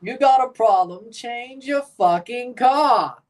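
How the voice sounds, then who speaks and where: A man's voice: very high voice, takes it slowly, voice pushed up. A man doing an impression of an irate male racing team boss who swears and snaps. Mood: angry.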